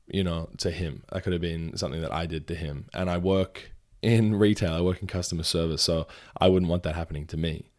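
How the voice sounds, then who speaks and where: A man's voice: low voice, darkish tone. A young man talking casually in a solo audio journal, rambling and swearing freely. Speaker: podcast host.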